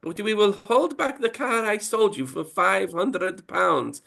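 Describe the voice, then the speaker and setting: A man's voice: high voice, measured pace, gravelly, bright, forceful tone, pitched above the performer's own voice, heavily acted. A man voicing a menacing Italian mobster with a put-on Italian accent, drawn out and threatening.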